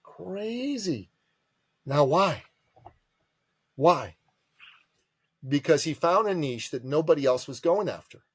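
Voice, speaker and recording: A man telling a business story as a podcast guest, animated and emphatic, calling the listener brother. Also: a little high, slow, long pauses, husky, no echo.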